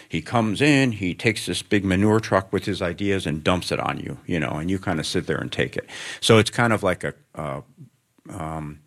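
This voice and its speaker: A deep, slightly bright male voice belongs to a middle-aged author being interviewed onstage in front of students. He rambles in a thoughtful, self-deprecating way.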